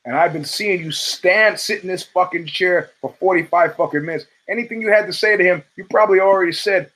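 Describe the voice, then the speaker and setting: Swearing freely, a US show host spins stories in an offhand monologue and animates each quoted character. His voice is high and his pace fairly quick, captured on a rough recording.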